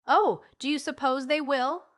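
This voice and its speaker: A woman reading an audiobook voices a lively, impulsive little boy who blurts out eager questions. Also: high voice, unhurried, voice pushed up.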